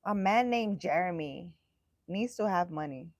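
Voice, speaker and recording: A woman's voice: lowish voice, lively intonation, unhurried, no echo, studio quality. A woman hosting a casual livestream, chatting with viewers in a playful, teasing way. She speaks emphatically and laughs often. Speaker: livestream host answering viewers.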